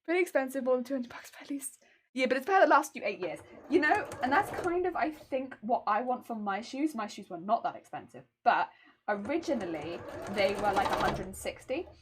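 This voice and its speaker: A young woman chatting casually on a crafting live stream, telling stories in an animated way and answering chat. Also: a little high, brisk, noisy background. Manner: chatty, animated storytelling, reads chat aloud.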